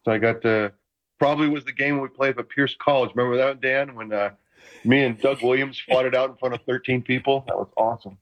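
A man in his sixties, a retired football player calling in from a room at home, telling lively stories in casual chat. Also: mid-range voice, quick pace, lo-fi sound. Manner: animated, enthusiastic anecdotes. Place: home room full of memorabilia.

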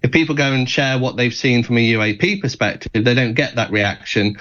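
A man speaking as a guest on a radio talk show, in a measured way with frequent fillers. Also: mid-range voice, a bit bright, dull audio.

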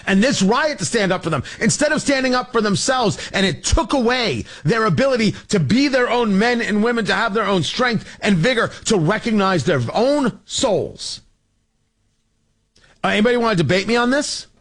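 A talk radio host delivers an impassioned, sarcastic political monologue in a high voice. His pitch leaps and dives all over the place as he presses his points, and he is fiery and cutting throughout. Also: animated, normal speed, fairly bright tone.

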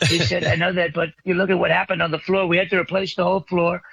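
A man's voice: sits high, little pitch movement, quick pace, gravelly, fairly bright tone, breathy edge, dry recording, dull audio, heavily acted. A man doing an impression of an older male president, rambling and boastful with a short temper, in a radio comedy bit. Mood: mocking. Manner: rambling, boastful, crude jokes.

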